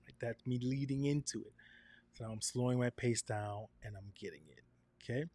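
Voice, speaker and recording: A man's voice: mid-range voice, normal speed, slightly rough. A man teaching a session on camera presence, asking "right?" often and changing his tone to show his points. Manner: animated, varies tone to demonstrate points, frequent "right?". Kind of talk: presentation coaching.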